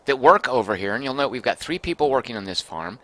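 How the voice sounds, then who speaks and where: A man's voice: medium pitch, animated, quick pace, pushed and bright, no echo. A man casually commenting as he streams a game, thinking aloud and reading out viewer comments.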